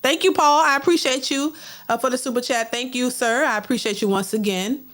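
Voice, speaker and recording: A woman's voice: high voice, brisk, fairly bright tone. A middle-aged woman hosting a livestream, reading viewer super chats and giving casual, talkative commentary that often repeats words. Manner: chatty, repeats words, mimics others in a mocking voice.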